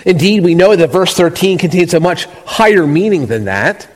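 A man preaching an expository sermon, measured and emphatic, with slow deliberate stresses. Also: high voice, expressive. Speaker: pastor. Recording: long reverb of a large hall.

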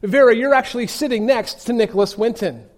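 A man's voice: very high voice, a little fast, pitched above the performer's own voice. A man voicing a polite English woman TV host, announcing to a studio audience. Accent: English, as put on.

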